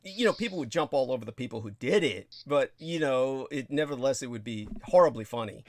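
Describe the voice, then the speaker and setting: A man hosting a livestream in casual chat, stammering and breaking into laughter, his voice jumping high when amused. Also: animated, brisk. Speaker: livestream host.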